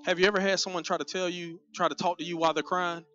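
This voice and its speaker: A man preaching a lively sermon in a high, bright voice. He talks straight to the congregation and slips into comic voices as he tells the story. The recording sounds dull and muffled, with faint music underneath. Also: quick pace. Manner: conversational, addresses the congregation directly. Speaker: pastor. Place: church sanctuary.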